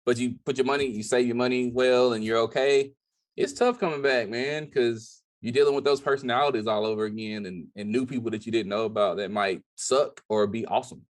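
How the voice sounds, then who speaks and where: A man's voice: mid-range voice, fairly quick. Easygoing joking man podcast guest. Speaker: podcast guest, film production company owner. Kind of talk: casual chat.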